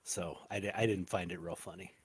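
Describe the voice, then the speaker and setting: A man co-hosting a podcast, giving a measured, soft-spoken opinion in casual chat. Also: sits low, fairly even intonation, breathy edge. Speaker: podcast co-host.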